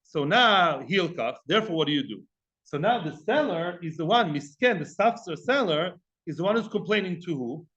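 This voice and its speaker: Lively male Talmud teacher, high voice, acts out dialogue, dull lo-fi sound. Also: moderate pace. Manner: animated, mixes Hebrew and Aramaic terms, acts out dialogue. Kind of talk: lively Talmud class lecture.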